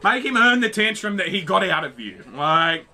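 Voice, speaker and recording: Guy, reaction host: high, sharp, excitable, swears a lot. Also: normal speed. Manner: excitable, swears freely, talks to the screen. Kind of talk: casual reaction commentary.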